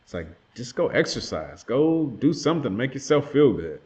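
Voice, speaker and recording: A man's voice: mid-range voice, very animated, normal speed, darkish tone. A man in his thirties, a father earnestly telling a personal testimony about a hard time in his life. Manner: earnest, reflective, emotional retelling.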